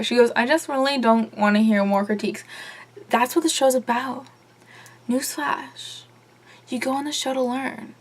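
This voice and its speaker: Young woman, slightly high voice, casual chatty reviewer with strong opinions. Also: breathy edge. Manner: chatty and opinionated, lots of fillers and swearing. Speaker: vlogger reviewing a TV episode. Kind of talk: casual chat.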